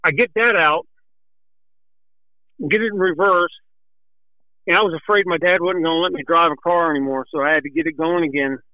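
A man telling a racing story in a folksy, animated way, a little out of breath, with restarts along the way. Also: a little high, a little fast, pauses often, no echo. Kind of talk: casual storytelling. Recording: tinny phone line.

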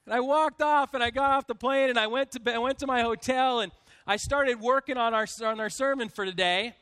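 A pastor delivers his sermon in a strikingly high, bright male voice. He spins a self-deprecating personal story with lively energy, stumbling over restarts as he goes. The sound is close and dry. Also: brisk, clear, resonant tone, dry recording.

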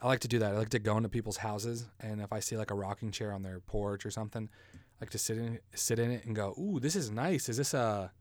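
A man's voice: fairly low pitch, no echo, clean studio sound. Rambling crude man hosting a podcast. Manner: rambling, crude, self-mocking, laughs at own jokes. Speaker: podcast host. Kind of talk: casual solo podcast joking.

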